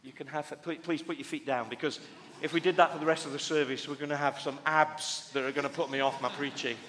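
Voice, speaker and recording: A man's voice: on the high side, steady tone, fast talker, a bit bright, a little hiss or hum. A man, a pastor preaching a conversational sermon with restarts and light humorous asides. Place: church hall. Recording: long reverb of a church hall.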